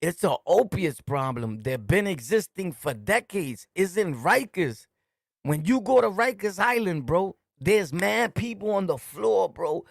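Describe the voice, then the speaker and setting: Casting note: middle-aged Brooklyn podcast host, New York accent, gravelly and slightly raised voice, emphatic street slang, dry close sound. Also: male voice, high-pitched, dry recording. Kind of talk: casual storytelling monologue.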